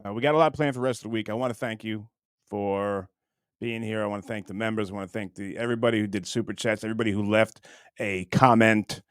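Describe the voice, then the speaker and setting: A man's voice: lowish voice, steady tone, fast talker, smooth, dry recording, studio quality. A middle-aged man hosting a livestream in a casual, rambling, joking way, with plenty of crude humor. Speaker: livestream host.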